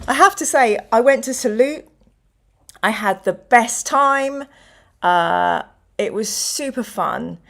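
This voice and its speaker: A middle-aged woman hosts a show, chatting casually and telling stories where she acts out other people's voices. Her voice is fairly high, gravelly and a bit bright, and she speaks in an animated way but takes it slowly.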